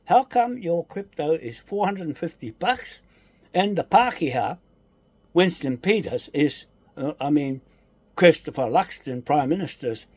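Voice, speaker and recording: Husky, lively-voiced man. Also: a little high, dry recording. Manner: accusatory, repetitive, emphatic. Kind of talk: angry political rant.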